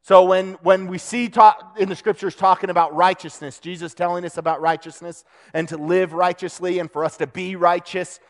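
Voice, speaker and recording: A man's voice: high-pitched, steady tone, moderate pace, gravelly, hardly any pauses. A man preaching a casual, conversational sermon to a young audience, joking with them and restarting his sentences.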